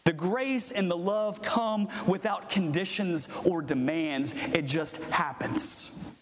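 A man preaching a sermon in a relaxed, conversational way, laughing often as he talks. His voice sits high for a man. The sound rings with long reverb over a faint hiss. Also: takes it slowly. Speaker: pastor.

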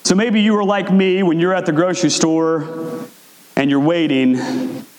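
A man preaching a sermon in a conversational way, acting out quotes with big swings in pitch. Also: steady tone, measured pace. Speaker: pastor. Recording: echoey hall with long reverb.

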